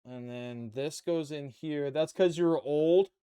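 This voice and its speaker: A man chatting on a live build stream, trailing off into quiet muttering as he fits pieces together. His voice sits a little high for a man and sounds smooth and clear. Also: takes it slowly. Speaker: streamer building a model kit. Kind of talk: casual live-stream chat.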